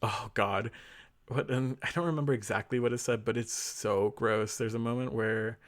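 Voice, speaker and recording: A man's voice: medium pitch, fairly even intonation, moderate pace. A man co-hosting a podcast, casually recapping a story with laughter and acting out the characters' lines. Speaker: podcast co-host.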